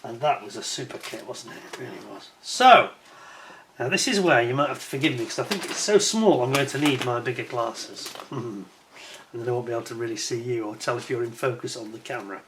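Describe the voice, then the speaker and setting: A man's voice: medium pitch, expressive, a little fast, fairly bright tone, slight background noise. A man giving a casual hands-on review of a scale model kit, chatty and admiring, with wry self-mocking asides.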